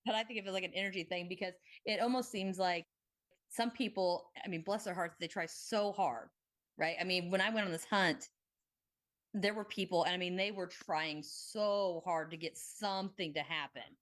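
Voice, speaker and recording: Young woman podcast host, casual, excitable, rambling storyteller. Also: lowish voice, moderate pace.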